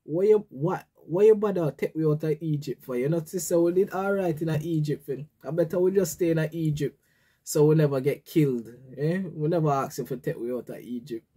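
A man's voice: fairly high pitch, fairly quick, mellow, breathy edge, pitched above the performer's own voice. A man voicing a grumbling, ungrateful Israelite man from the exodus, complaining in a Jamaican patois accent. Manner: complaining, whining.

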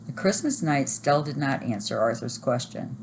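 A woman teacher reading a chapter book aloud at a steady, even pace. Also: a bass voice, normal speed, slight background noise, low-quality recording.

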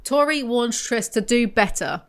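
A woman's voice: a little high, expressive, measured pace. A woman hosting a book commentary video, reading passages aloud with sarcastic asides and the odd stumble.

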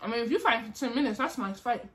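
A young woman vlogger telling a story in casual chat, animated and acting out the people in it. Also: a little high, racing. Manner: animated, acts out voices in her story.

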